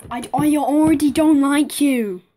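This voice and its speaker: A woman's voice: high-pitched, measured pace, dark tone. A woman with a Manchester accent giving casual reaction commentary, blunt, sarcastic and swearing freely. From Manchester, England. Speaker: streamer reacting to videos. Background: music from the played video.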